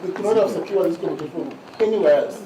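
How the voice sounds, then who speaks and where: A man, an advocate making a formal submission in court, measured and deliberate, often addressing the bench and slowing down for emphasis. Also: high voice. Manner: formal, measured, repeats "my lords" and slows to stress points. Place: large courtroom. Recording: echoey courtroom heard from a distance with noise.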